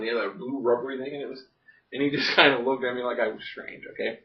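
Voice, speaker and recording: A man's voice: mid-range voice, fast. A man from Florida telling a stand-up comedy story in a rambling, folksy way, often checking in with "okay?". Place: a home living room. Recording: dull, roomy sound from a distant mic.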